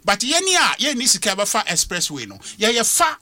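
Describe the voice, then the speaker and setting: Animated Ghanaian man on radio. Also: high voice, brisk, no echo. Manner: emphatic, lively, code-switching. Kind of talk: animated radio discussion mixing English and Twi.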